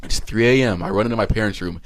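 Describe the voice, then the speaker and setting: A man in his twenties telling a long story on a podcast, animated and swearing, laughing as he goes. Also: on the low side, fast, crowd noise. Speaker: podcast co-host. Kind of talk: casual storytelling.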